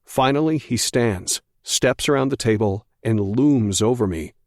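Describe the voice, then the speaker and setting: A man narrating a thriller audiobook in the first person, measured and tense. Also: mid-range voice, darkish tone, no room sound, studio quality.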